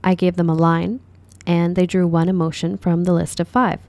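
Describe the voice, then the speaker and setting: A woman drama teacher calmly explaining an acting lesson in a measured, dubbed voice-over. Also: fairly low pitch, no echo.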